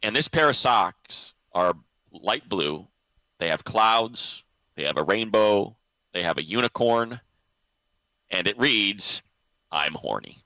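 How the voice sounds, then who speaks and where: A man's voice: lowish voice, lively intonation, slow pace, long pauses, bright, forceful tone, no room sound, poor audio. A man hosting a sports radio show, telling a story in casual chat and laughing often. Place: radio studio.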